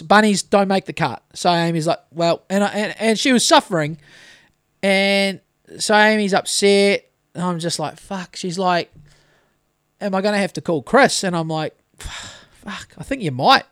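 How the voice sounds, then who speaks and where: A man's voice: high voice, dry recording, clean studio sound. A man in his thirties with a New Zealand accent, telling a rambling story on a casual podcast and swearing freely. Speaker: podcast host. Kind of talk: casual chat.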